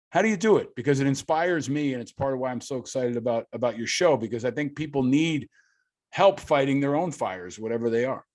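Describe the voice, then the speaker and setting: A man hosting a podcast, asking long, earnest, admiring questions that ramble with fillers. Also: medium pitch. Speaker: podcast host. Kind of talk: interview questions.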